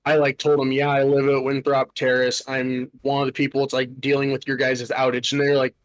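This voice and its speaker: In a rough recording, a young podcast host speaks in a mid-range monotone at a brisk clip. He's telling a story as a casual, exasperated rant, swearing freely and filling gaps with "like."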